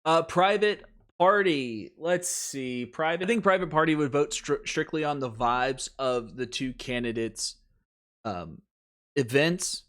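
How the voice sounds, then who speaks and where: A man's voice: a little high, lively intonation, unhurried, a bit bright. A man hosting casual wrestling commentary, rambling, chuckling, and often cutting himself off mid-thought. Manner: rambling, chuckling, self-interrupting.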